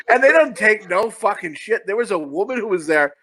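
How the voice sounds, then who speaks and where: A man co-hosting a podcast, whose high-pitched voice rambles through a casual movie review. His talk is full of swearing and quick bursts of laughter. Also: lively intonation, pushed and bright, rough recording. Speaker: podcast co-host.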